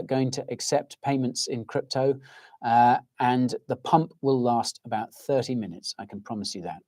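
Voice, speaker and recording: Soothing, mellow English man. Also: mid-range voice. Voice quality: soporific, soothing voice. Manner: rambling, ranting, reacting to comments. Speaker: livestream host. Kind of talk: casual livestream chat.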